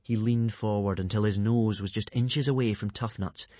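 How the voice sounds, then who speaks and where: A man reading a storybook aloud in a lively, expressive manner. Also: on the low side, moderate pace, dry recording. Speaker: narrator.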